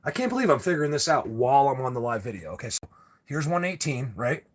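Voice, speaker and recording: A man hosting a live video, talking excitedly and rambling straight to his viewers. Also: mid-range voice, fast. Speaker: livestream host.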